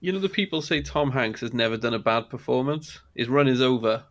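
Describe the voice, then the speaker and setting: A man's voice: mid-range voice, animated, fairly quick, a bit bright. Blunt British man ranting about films. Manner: blunt, sweary film ranting. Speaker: podcast co-host. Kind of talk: casual chat.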